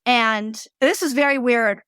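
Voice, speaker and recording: A woman guest on a podcast, telling a story in a casual, animated way that is full of swearing and acted-out quotes. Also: a little high, a little slow, clean tone, no echo, studio quality. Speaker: guest psychic medium.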